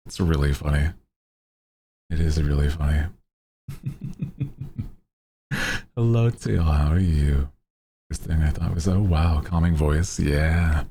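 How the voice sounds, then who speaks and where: Guy streamer with a really deep low voice, slow and easy, chill chatting with his viewers. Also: warm tone. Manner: laid-back, greets chatters by name, chuckles often. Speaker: VTuber streamer. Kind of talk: casual stream chat greeting viewers.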